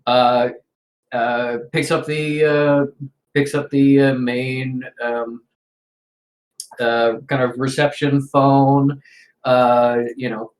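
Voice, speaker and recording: A woman's voice: rumbling low, little pitch movement, drawn-out words, long pauses, darkish tone, reverberant. A woman narrating a tabletop game as game master, talking loosely with many fillers.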